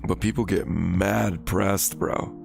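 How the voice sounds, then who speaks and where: A man's voice: low-pitched, steady tone, takes it slowly, creaky, over music. An American man chatting casually and profanely with viewers on his live stream while he plays a game, rambling as he talks. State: recovering from illness.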